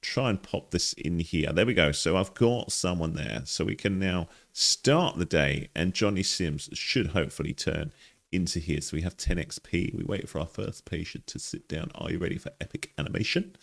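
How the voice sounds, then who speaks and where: A man commentates casually over a game walkthrough, thinking aloud with a wry, chatty manner. His voice is lowish and gravelly with plenty of pitch movement. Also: lively intonation, moderate pace, fairly bright tone. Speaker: gaming channel host.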